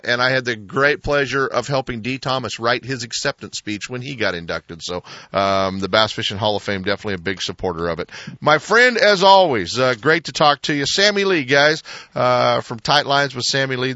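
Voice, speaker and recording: A man's voice: medium pitch, bright, forceful tone, dry recording, lo-fi sound. A man hosting a radio talk show, chatting in a friendly, chummy way with his guest. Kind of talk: casual radio interview.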